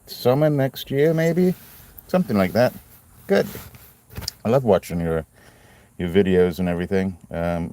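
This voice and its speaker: A man's voice: low voice, mellow. A man hosting a casual live stream, chatting in a rambling, friendly way and greeting viewers by name. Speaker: livestream host cutting stones.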